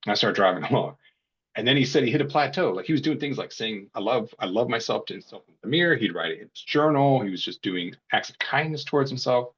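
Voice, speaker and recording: Husky guy coach on a podcast, kinda low voice, acts out all the quotes, dull lo-fi sound. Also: animated, fast talker, fairly bright tone. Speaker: burnout coach, podcast guest. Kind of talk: casual storytelling.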